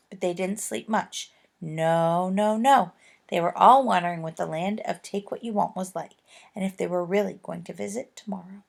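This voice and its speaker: A woman reading a children's book aloud with gentle, expressive storytelling. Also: fairly low pitch, moderate pace, gravelly. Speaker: reader.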